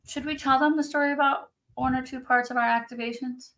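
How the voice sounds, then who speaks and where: A woman's voice: sits high, steady tone, fast talker, a bit bright. A woman speaking earnestly and from the heart in a casual conversation, as a spiritual practitioner on a video call.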